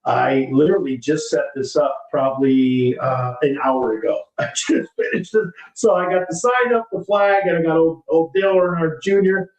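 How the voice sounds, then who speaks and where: A man's voice: on the high side, normal speed, few pauses. A man hosting a podcast, chatting casually, reading sponsor ads and swearing freely with frequent laughs. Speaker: podcast host. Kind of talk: casual chat and live sponsor reads. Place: home studio in a new house. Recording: echoey room, distant mic.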